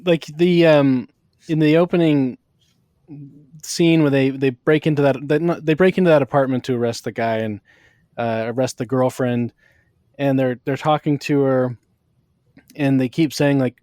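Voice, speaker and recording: Host: man, mid pitch, dry close sound, halting conversational delivery. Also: steady tone, darkish tone, no echo. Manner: conversational, halting, many restarts. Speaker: podcast host. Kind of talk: casual film discussion.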